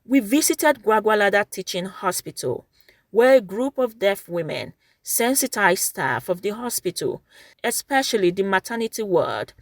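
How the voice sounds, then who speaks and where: A woman giving measured, scripted narration for a television feature. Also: mid-range voice, expressive, no room sound, clean studio sound. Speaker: program narrator.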